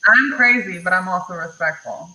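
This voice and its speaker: A woman's voice: lowish voice, normal speed, crowd noise. A woman on a podcast panel telling a story earnestly, hesitant, with lots of fillers, over dull remote audio with faint hiss.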